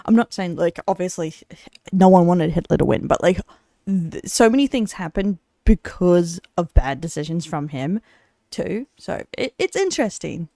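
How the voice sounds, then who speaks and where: A woman's voice: lowish voice, expressive, moderate pace, creaky, warm tone, dry recording, clean studio sound. Giggly chatty woman from Australia. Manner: chatty, giggly, filler-heavy. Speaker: streamer reacting to a video. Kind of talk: casual reaction commentary.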